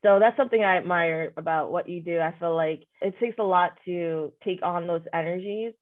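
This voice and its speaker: A woman's voice: on the low side, normal speed. A woman hosting a podcast interview, reflective and affirming, often saying "you know". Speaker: podcast host. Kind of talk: conversational interview. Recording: phone-like narrow sound.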